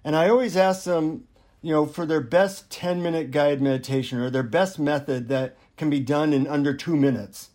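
A male author on an interview show, talking in a relaxed, anecdotal way. He pokes gentle fun at himself as he goes, and his voice sits somewhat high for a man. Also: moderate pace. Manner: relaxed, self-deprecating, anecdotal. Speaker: author and guest. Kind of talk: interview storytelling.

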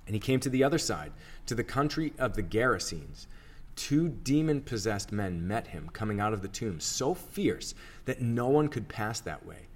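A man reading scripture aloud for a church reading plan, in a steady, measured narration. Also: lowish voice. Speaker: scripture reader.

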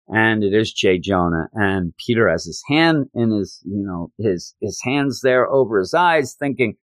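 A man hosting a podcast, casually reviewing a comic book and retelling its scenes with quick quoted lines. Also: on the low side, dry recording. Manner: animated retelling, quoting characters in quick bursts. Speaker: podcast host.

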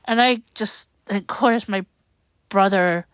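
A woman's voice: medium pitch, takes it slowly, a bit bright, dry recording. A woman hosting a personal podcast monologue, emotional and rambling, stumbling over her words while upset and close to tears. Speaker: podcast host.

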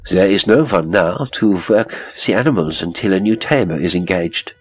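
A man's voice: expressive, moderate pace, low-quality recording. A man doing a silky sinister circus boss. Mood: calm. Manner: smooth, mocking politeness with sudden high lilts. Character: sinister older male circus director, silkily courteous.

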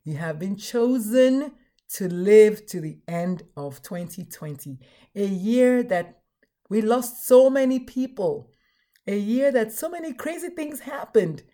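A woman's voice: mid-range voice, lively intonation, slow pace, mellow. A woman hosting her podcast live, chatting casually with bubbly, repetitive enthusiasm. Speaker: podcast host.

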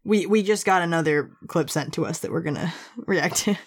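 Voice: mid-range voice, brisk, husky. A young podcast co-host chatting casually about a book, laughing often and breaking off mid-sentence.

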